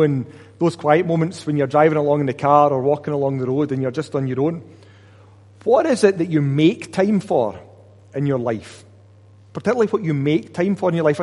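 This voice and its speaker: Preacher in an echoing hall. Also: male voice, a little high, a little mellow, husky. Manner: conversational preaching with rhetorical questions. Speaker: pastor. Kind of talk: sermon.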